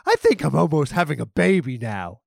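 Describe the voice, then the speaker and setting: A man's voice: sing-song, normal speed, gravelly, no room sound, studio quality, heavily acted. A man voicing a dim-witted, cheerful male cartoon cat in a goofy, dopey way. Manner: goofy high-pitched dopey.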